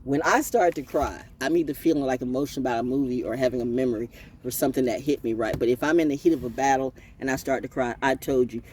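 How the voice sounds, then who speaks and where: A woman's voice: rumbling low, fast talker, darkish tone, slightly rough. A woman hosting her own channel as an oracle reader, ranting in a blunt, profane and preachy freestyle way. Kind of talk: freestyle livestream rant.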